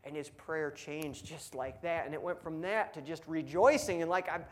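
Young male preacher, slightly high voice, animated storyteller who voices his quotes. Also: fairly quick, hardly any pauses. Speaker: pastor. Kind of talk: sermon.

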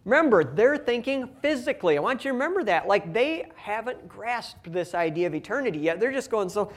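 A young man and father giving a conversational, humorous sermon and reading scripture slowly. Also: sits high, sing-song. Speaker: pastor.

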